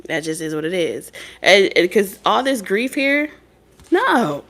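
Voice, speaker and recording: This mother of several children, a tarot reader and spirit medium, talks in an expressive mid-range voice with a fairly bright tone at a moderate pace. Her casual, preachy monologue is blunt and profane, built around streetwise stories.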